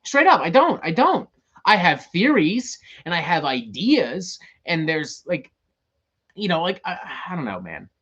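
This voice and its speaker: A man's voice: fairly high pitch, very animated, unhurried, a bit bright, slightly rough, dull audio. A man hosting a show, ranting in casual talk, profane and exasperated. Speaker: host.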